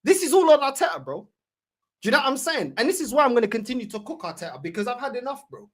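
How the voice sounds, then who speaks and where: A man's voice: very high voice, big pitch swings, fast, fairly bright tone. A man, an Arsenal fan, pressing his points in a heated football debate. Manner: pressing, exasperated, repeats "bro".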